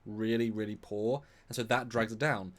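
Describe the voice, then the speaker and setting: Low-voiced man, rambling casual chat. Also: flat delivery, moderate pace. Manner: rambling, repeats words as he thinks. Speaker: co-host. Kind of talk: casual live-stream chat.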